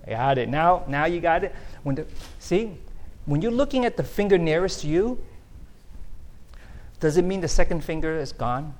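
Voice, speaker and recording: A man's voice: on the high side, animated, normal speed, darkish tone. A middle-aged man, preaching a conversational sermon that keeps checking in with the audience. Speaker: pastor.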